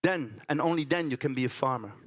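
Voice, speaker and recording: A man voicing a stern, matter-of-fact farmer father who speaks firmly and calmly, like a lecture. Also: mid-range voice, fast, pitched below the performer's own voice, natural voice.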